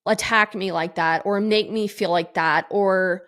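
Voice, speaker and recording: A woman's voice: medium pitch, steady tone, measured pace, hardly any pauses, fairly bright tone. A middle-aged woman hosting a podcast, talking candidly and emotionally, rambling with lots of fillers and restarts. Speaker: podcast host. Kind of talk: candid personal monologue.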